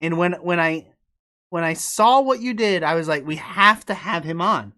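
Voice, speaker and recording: A man's voice: on the high side, moderate pace, bright, forceful tone. A man from upstate New York hosting a live podcast interview, joking loosely and cursing now and then. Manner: joking, loose, swears casually. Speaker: podcast host. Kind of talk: casual live interview chat.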